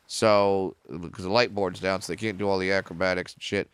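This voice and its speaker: A middle-aged man spins stand-up stories in a casual podcast chat, his voice smooth and resonant. He swears freely and leaps higher in pitch when he hits a punchline. The sound is close and dry. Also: moderate pace, dry recording. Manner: animated, profane, jumps way up in pitch for punchlines. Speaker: comedian guest.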